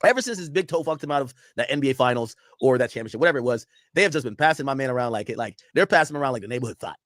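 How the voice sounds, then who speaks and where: Racing along at medium pitch, this young streamer riffs to his chat during a casual reaction, animated, profane, and rambling. There's no echo, and the sound is studio quality.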